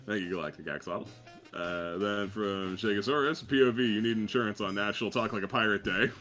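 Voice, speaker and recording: A man hosting a stream, casually reading out fan art shout-outs, laughing often and thanking fans. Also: fairly low pitch, a little fast, soft background music.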